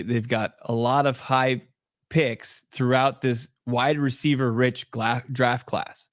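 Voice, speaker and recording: Chatty co-host dude on a sports podcast, rambles and restarts a lot, dry studio sound. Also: male voice, medium pitch, no echo. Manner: rambling, self-correcting, conversational. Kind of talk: casual sports podcast chat.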